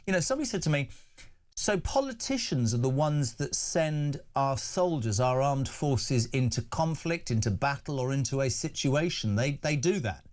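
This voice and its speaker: A man hosting a live talk radio phone-in, his voice at an ordinary middle pitch. He sounds chatty and offhand, reading out listener messages with plenty of "uh" fillers. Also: expressive, normal speed, darkish tone. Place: radio studio.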